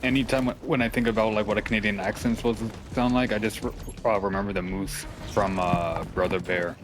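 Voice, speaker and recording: A man chatting casually while playing a co-op game, halting and giggly. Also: lowish voice, fairly even intonation, background noise. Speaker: co-op player. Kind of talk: casual gaming chat. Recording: voice chat over game music.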